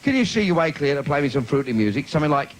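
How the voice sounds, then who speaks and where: A man's voice: very animated, very fast. Cheeky stand-up man, bouncy voice, noisy old live tape. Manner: bawdy, cheeky patter with sudden high squeaks. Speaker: stand-up comedian. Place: theatre stage with audience. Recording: noisy 1980s live video.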